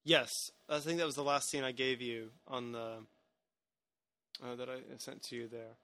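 A man's voice: medium pitch, fairly even intonation, moderate pace, pushed and bright. A man hosting a podcast, chatting casually about a film with many restarts and hedges. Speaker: podcast host.

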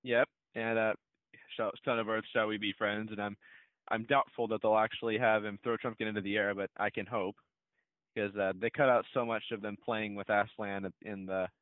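A man's voice: lowish voice, level tone, moderate pace, smooth, no echo. A man co-hosting a casual chat, rambling a little, with many fillers and short laughs. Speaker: podcast co-host. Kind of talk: casual chat about a film trailer. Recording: dry, tinny phone-like sound.

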